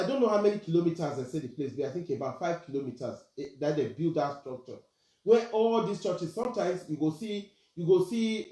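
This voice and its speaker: A Nigerian social media commentator records an angry vlog rant, indignant and full of rhetorical questions, switching between Pidgin and plain English. She has a medium-pitched, darkish voice, and the recording sounds roomy.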